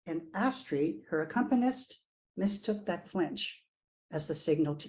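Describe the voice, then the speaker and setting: A woman author reading her own fiction aloud at a virtual event, with expressive, shifting emphasis. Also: fairly low pitch, a little slow, poor audio.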